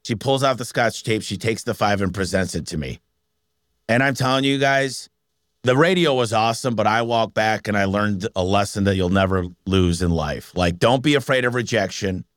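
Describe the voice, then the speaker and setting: Low-voiced man telling lively stories. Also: normal speed, no room sound, clean studio sound. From Michigan. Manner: energetic, animated storyteller who acts out quotes. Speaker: business owner guest. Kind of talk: casual storytelling interview.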